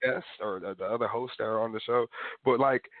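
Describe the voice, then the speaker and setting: A man's voice: medium pitch, fairly quick, a loud crowd. A man hosting a radio interview, giving short reactions and laughing along with his guest. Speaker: radio show host. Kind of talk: casual interview chat. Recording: dry, tinny phone-like line.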